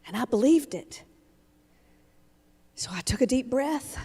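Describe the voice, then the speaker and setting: A woman in her fifties giving a humorous storytelling keynote as a motivational speaker, told in an animated comic way. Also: high-pitched, measured pace, breathy edge. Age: 50s. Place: large event hall. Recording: long hall reverb from a live keynote.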